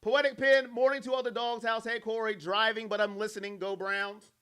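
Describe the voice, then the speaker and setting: A man hosting a live fan stream, calling the plays and reading out chat messages and donations in an animated way. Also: sits high, brisk, clean tone. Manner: animated, loud, reacts to plays and reads donations. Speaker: fan livestream host doing play-by-play.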